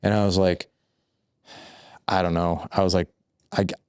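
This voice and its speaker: Telling a personal story as a podcast guest, a fatherhood coach chats loosely and candidly, leaning heavily on "like" and "I was like." His low voice is flat yet clear and resonant, a little mellow, at a moderate pace, captured in a dry, studio-quality recording.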